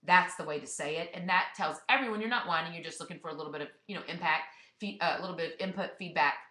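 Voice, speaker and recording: Blunt, bright-voiced woman coach. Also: fairly low pitch, quick pace. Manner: blunt, emphatic pep talk. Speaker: fitness business coach. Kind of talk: motivational webinar talk. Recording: echoey room.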